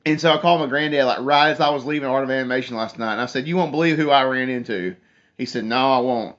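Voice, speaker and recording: Talking fast in a medium-pitched, fairly bright voice, a young man runs a casual phone livestream where he tells a meandering story and reads comments from viewers aloud. The stream audio sounds dull and lo-fi.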